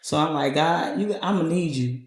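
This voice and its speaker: A young man speaking earnestly and haltingly as a podcast guest. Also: a little high. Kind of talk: casual podcast conversation. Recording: echoey room.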